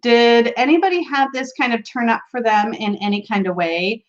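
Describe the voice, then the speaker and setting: A woman's voice: on the high side, normal speed, dull audio. A woman hosting a casual tarot livestream from a room at home, greeting viewers by name and laughing often.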